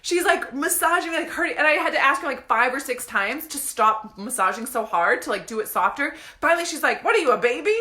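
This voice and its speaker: A woman from the United States telling a story in a casual, animated way, swearing freely and often breaking into laughter. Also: sits high, a little fast, few pauses. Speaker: business coach. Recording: echoey room.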